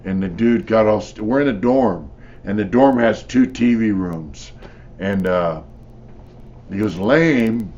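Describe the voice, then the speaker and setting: A man's voice: lowish voice, a little slow, warm tone, highs cut off. An older man, a former prisoner, telling his stories in a blunt, profane, rambling way with lots of "you know.". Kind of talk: casual storytelling.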